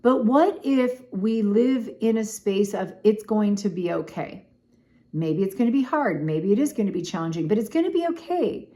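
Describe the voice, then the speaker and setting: A middle-aged woman chatting casually to camera, telling a personal story in an animated way, with lots of "like" and "oh my gosh.". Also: mid-range voice, moderate pace. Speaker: vlogger.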